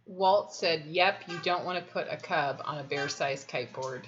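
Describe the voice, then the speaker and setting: A woman's voice: deep voice, moderate pace, fairly bright tone, dull audio. A woman co-hosting a casual home livestream with her husband, trading playful teasing banter. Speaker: co-host, host's wife.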